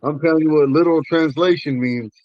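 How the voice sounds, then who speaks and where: A man teaching a language class, explaining word meanings slowly and repeating key phrases. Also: on the high side, dry recording, muffled recording.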